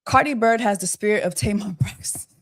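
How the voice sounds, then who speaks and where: A woman speaks briskly in a mid-range voice while hosting a celebrity gossip livestream. Her talk is casual and irritated, packed with repeated rhetorical questions and mocking jokes about quacking birds.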